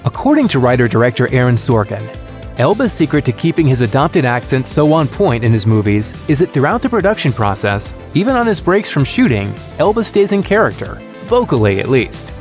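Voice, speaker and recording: A man narrates a scripted entertainment piece with a smooth, upbeat delivery. His pitch is middling but swings freely. A faint music bed sits under the voice-over. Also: big pitch swings, fairly quick.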